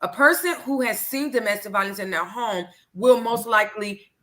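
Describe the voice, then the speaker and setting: A woman's voice: mid-range voice, moderate pace, fairly bright tone. A woman guest on a talk show, speaking earnestly and explaining her points, repeating key phrases. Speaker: guest, domestic violence survivor. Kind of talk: casual conversational interview.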